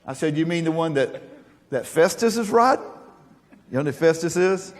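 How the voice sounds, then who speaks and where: A man's voice: a little high, animated, moderate pace, long reverb tail. A male pastor preaching a sermon, folksy and joking, then earnest and emphatic.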